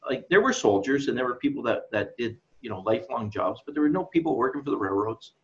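A man's voice: medium pitch, expressive, fast talker. Middle-aged man, rambling Bible chat. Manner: rambling, laughs at his own asides. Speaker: co-host of Bible discussion. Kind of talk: casual Bible study chat. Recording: slightly dull lo-fi audio.

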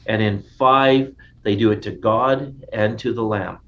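A man's voice: on the low side, fairly even intonation, a little slow. A man teaching a casual Bible study in an enthusiastic, conversational way, often restarting his sentences. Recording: dull lo-fi sound with faint noise.

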